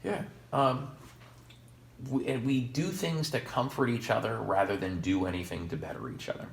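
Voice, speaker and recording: A man's voice: lowish voice, lively intonation, moderate pace, creaky. A man co-hosting a podcast in casual chat, rambling and sarcastic with jokey asides. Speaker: podcast co-host. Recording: echoey room.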